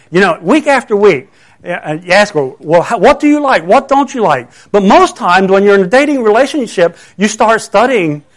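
A middle-aged man preaching a conversational sermon, earnest and full of rhetorical questions. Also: high-pitched.

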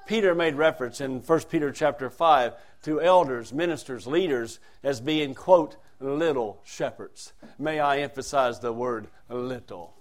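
A man delivering a sermon at a mid-range pitch. His volume rises and falls sharply, from hushed asides to forceful emphasis, and he declaims scripture passages aloud in a raised, ringing voice. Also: moderate pace, few pauses. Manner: swings between soft asides and loud emphatic lines. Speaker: preacher.

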